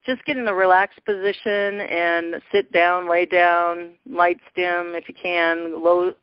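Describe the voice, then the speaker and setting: Her voice is fairly low, level, clear and resonant, with no echo, and she takes things slowly. She hosts a spiritual call-in show by teleconference, guiding listeners effusively with laughs and exclamations, though the call recording is dull and lo-fi.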